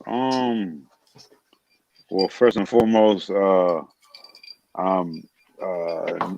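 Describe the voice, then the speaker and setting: A man in his forties from New York City, a DJ guest talking about himself in a relaxed, casual way, with lots of "you know" fillers. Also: low-pitched, very slow, creaky, dull audio, slight background noise. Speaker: DJ, podcast guest. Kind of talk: casual interview chat.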